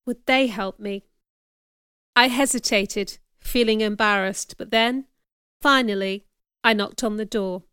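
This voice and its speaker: A woman narrating a story in the first person, reading in a clear, measured way. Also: mid-range voice, a bit bright, no echo, clean studio sound. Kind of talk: scripted audiobook narration.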